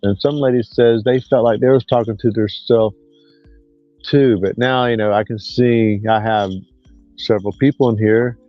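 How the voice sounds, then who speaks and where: Sixties man, livestream host, mid pitch, meandering folksy talk, lo-fi mic. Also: fairly even intonation, moderate pace, no room sound, faint music behind. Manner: rambling, drawn out, folksy. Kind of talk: casual livestream chat. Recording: dull lo-fi dry sound.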